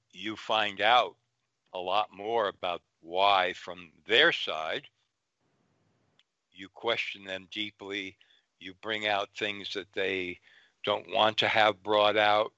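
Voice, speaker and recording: A man speaks very slowly and deliberately, with a bright, tense tone. The recording is dry and dull, with a lo-fi sound. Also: mid-range voice, no room sound. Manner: deliberate, explanatory, rhetorical questions. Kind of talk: conversational interview talk.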